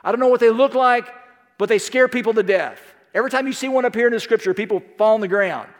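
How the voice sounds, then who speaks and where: A man's voice: extremely high pitch, fast talker. A middle-aged man preaching a sermon, emphatic and folksy, with rhetorical questions and stories. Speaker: pastor. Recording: long reverb of a large hall.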